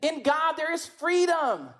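A woman's voice: sits high, very animated, takes it slowly, a bit bright. A woman preaching a sermon in a conversational, emphatic way, often asking rhetorical questions.

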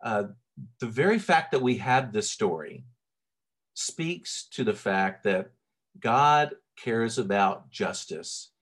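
A middle-aged pastor from Tennessee with a Southern accent, preaching a sermon in a relaxed, conversational way with frequent fillers and restarts. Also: male voice, fairly low pitch, slow.

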